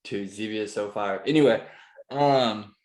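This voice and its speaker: A man's voice: lowish voice, measured pace, a little mellow. A young man co-hosting a casual podcast, talking loosely with slang and lots of fillers. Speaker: podcast co-host. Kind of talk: casual chat. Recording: echoey room.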